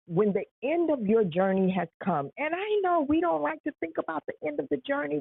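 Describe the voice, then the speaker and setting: A woman's voice: medium pitch, gravelly, slightly rough, dry recording. Earnest woman on a tinny phone line. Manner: earnest, preachy, repeats rhetorical questions. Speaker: live-stream host. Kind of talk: casual motivational talk.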